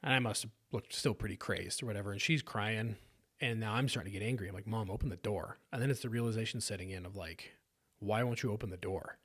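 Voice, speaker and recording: A man from South Sacramento, a podcast guest, telling a personal story earnestly with halting restarts. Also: on the low side, fairly bright tone. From South Sacramento, California.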